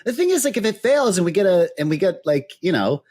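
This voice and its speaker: Husky man with a wildly swinging pitch. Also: big pitch swings, a little mellow. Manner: quick agreements, laughs along. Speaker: podcast co-host. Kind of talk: casual chat.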